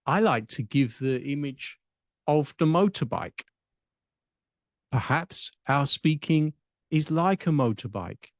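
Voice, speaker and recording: English-accented male coach, unhurried reflective teaching tone with long pauses, dry intimate recording. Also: on the high side, animated, no room sound. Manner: measured, deliberate, with long pauses. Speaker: speech and public speaking coach.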